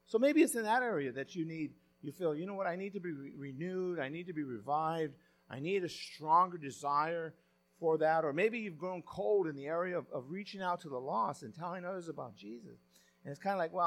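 A man's voice: on the high side, lively intonation, fairly quick, fairly bright tone. A male pastor giving a sermon in a conversational way, often restarting his sentences as he retells a story. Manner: conversational preaching, with frequent restarts and retelling of stories.

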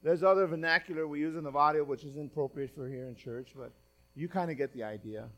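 A man preaching a sermon as pastor, reading scripture aloud with dramatic stress and swinging from loud emphatic lines to quiet asides. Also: a little high, quick pace.

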